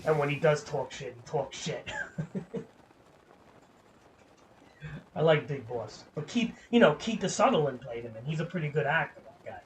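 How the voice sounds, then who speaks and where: A man's voice: a little high, expressive, moderate pace, long pauses, slight background noise. A man streaming a game, chatting in a casual, rambling way, swearing freely and filling with "like". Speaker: gaming streamer.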